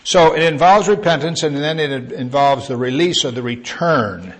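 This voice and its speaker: A man's voice: on the high side, animated, normal speed. A man preaching a sermon in a conversational teaching style, asking his listeners questions and lifting his voice on key words. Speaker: pastor.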